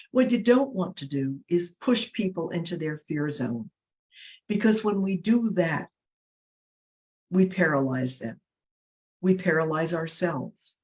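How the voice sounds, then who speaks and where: A woman presenter giving an earnest, preacherly talk on faith, slowing down to stress her points. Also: fairly low pitch, darkish tone. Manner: earnest, preacherly, slows for emphasis. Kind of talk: faith talk with a told fable.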